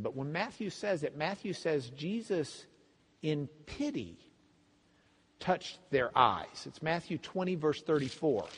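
A man teaching a Bible class as a pastor, telling the story with lively acted-out voices. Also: on the high side, long reverb tail, slight background noise. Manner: animated storytelling, acts out voices of the crowd and blind men. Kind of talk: sermon.

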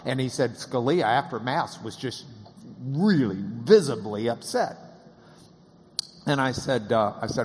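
A man with a drawl tells a story with lively delivery, slipping into the voices of the people he quotes. His voice sits at an average pitch. The sound rings with a long hall reverb. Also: normal speed. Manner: animated, acts out quoted voices, laughs often. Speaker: interviewer and storyteller. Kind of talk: casual anecdotal storytelling.

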